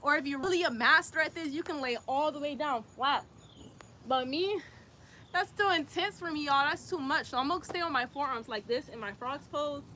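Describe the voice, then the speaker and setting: Young woman leading yoga outside, high bright voice, chatty slangy asides, faint background noise. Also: normal speed. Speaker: yoga instructor. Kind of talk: guided yoga instruction. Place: outdoors in light rain.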